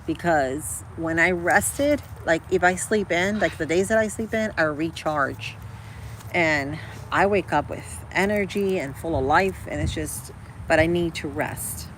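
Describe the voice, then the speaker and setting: A woman's voice: on the low side, a little slow, a little hiss or hum, rough recording. A woman chatting casually with her livestream viewers, rambling and calling them girl and guys. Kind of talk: casual live chat.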